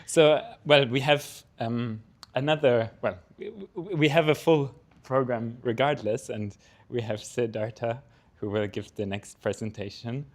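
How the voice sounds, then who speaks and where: Halting male moderator introducing a speaker. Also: mid-range voice, steady tone. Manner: halting, repeats words. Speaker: event moderator.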